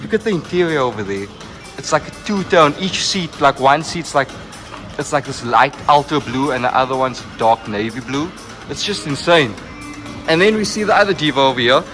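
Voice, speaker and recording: An eager young man guides a walkaround of a car showroom, gushing as he goes and stumbling over repeated phrases. His voice sits at an ordinary middle pitch, and faint music plays quietly underneath. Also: normal speed. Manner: excited, repeats phrases and fillers like "like" and "look at". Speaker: car vlogger. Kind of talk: walkaround car tour narration. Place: indoor car dealership showroom.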